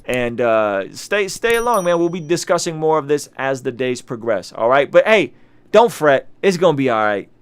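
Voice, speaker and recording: A man's voice: a little high, sing-song, moderate pace, clear, resonant tone. A man hosting a live reaction stream, talking casually and directly to his viewers, often restarting his sentences. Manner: chatty, restarts and repeats himself, addresses viewers directly. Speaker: YouTube host.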